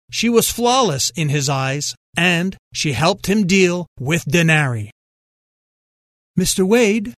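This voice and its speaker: A man reading a novel aloud as narrator, in an even, measured way. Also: high-pitched, dry recording, studio quality. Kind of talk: audiobook narration.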